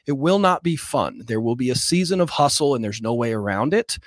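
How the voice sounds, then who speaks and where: A man's voice: medium pitch, lively intonation, fairly quick, dry recording, studio quality. A man telling his personal story as a podcast guest, earnest and casual, at times choked up, saying "dude" and "like". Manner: earnest, gets choked up, slangy. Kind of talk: emotional interview storytelling.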